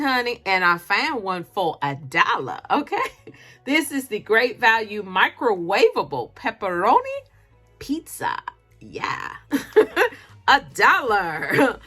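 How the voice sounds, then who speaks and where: A woman talks casually through a shopping haul from home late at night. Her voice is bright and swings up and down in pitch as she laughs often and calls her viewers honey and y'all. Soft music plays faintly behind her. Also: very animated, slow pace. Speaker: couponing vlogger.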